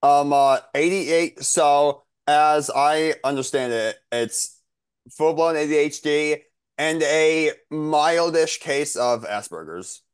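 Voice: medium pitch, steady tone, takes it slowly, smooth, no echo. A co-host in a casual group podcast chat. He is jokey and self-deprecating, and he often stammers and restarts.

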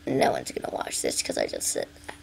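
A woman's voice: a bass voice, wildly swooping pitch, a little fast, vocal fry, a little mellow, husky. A young woman chatting casually over her gameplay, talking to viewers and singing bits of songs. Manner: chatty, sings along to pop songs, talks to viewers. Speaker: gaming video maker.

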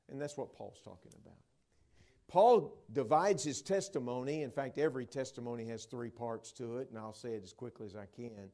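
A middle-aged man preaching a sermon in a church, telling stories and swinging from hushed to loud, excited delivery. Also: mid-range voice, normal speed. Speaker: traveling evangelist preacher. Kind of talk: sermon with storytelling. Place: church sanctuary at a conference. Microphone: wearing a microphone.

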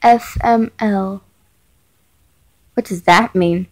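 Slow, chatty woman talking to her viewers. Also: medium pitch, poor audio. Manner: chatty, filler-heavy, talks to viewers. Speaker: chat-story reader. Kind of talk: casual reaction commentary.

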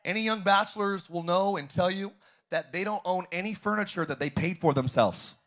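A man's voice: high-pitched, brisk, fairly bright tone. Man preaching with call-and-response. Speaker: pastor. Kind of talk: sermon. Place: large church auditorium.

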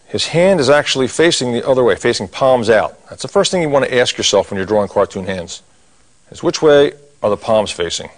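Corny jokes pepper a cartoon drawing lesson given by a folksy middle-aged instructor who talks through each stage as he sketches. His voice is medium in pitch, expressive, and slightly rushed.

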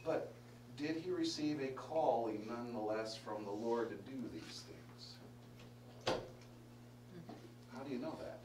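A man preaching a Bible study sermon, lively and emphatic, asking the congregation questions and restarting his sentences. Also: mid-range voice, slow, long pauses, noisy background. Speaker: pastor teaching a Bible study. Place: church hall. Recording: roomy live-stream audio from a distance.

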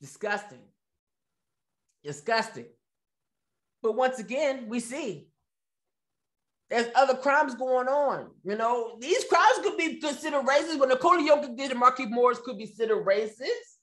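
A man's voice: extremely high pitch, expressive, normal speed, fairly bright tone. A man hosting his own commentary show, ranting with sarcasm and repeating phrases for emphasis. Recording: echoey room.

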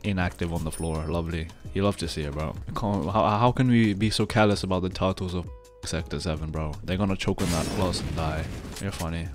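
A young man giving casual, sarcastic commentary on his own gameplay, just woken up and low on energy, tacking "bro" onto everything. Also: steady tone, a little fast, music in the background. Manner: sarcastic, exasperated, says "bro" constantly. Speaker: gaming video creator.

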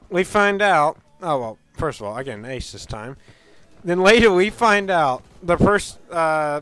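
A man hosting a game stream, chatting casually and telling rambling, animated stories. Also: a little high, clean tone. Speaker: streamer host. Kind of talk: casual gaming chat.

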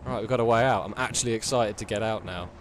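A man's voice: on the low side, quick pace. A man giving jumpy, cursing commentary on a horror game, yelping at scares. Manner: jumpy, swears and yelps at scares. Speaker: let's play gamer.

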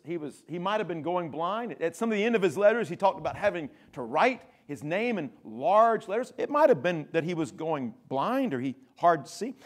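Animated, high-voiced preacher man. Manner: emphatic preaching, slows down and builds up key words; conversational asides to the congregation. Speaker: pastor. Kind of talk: sermon.

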